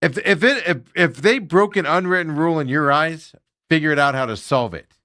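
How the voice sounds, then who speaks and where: A man's voice: on the high side, fairly quick, sharp tone, no echo, clean studio sound. A man hosting a sports talk show, ranting with strong opinions and mocking players in put-on voices. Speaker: sports radio host.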